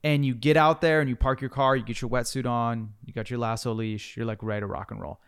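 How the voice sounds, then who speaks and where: Male podcast host, clear resonant voice, loose chatty storyteller. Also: mid-range voice, steady tone, fast. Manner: storytelling, swearing, builds suspense. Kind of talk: casual podcast chat.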